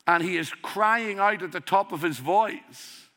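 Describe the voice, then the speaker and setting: High-pitched, pushed and bright, a man's voice moves a little slowly through an earnest, emphatic sermon. He keeps challenging his hearers with rhetorical questions, all in a strong accent he himself calls a dialect.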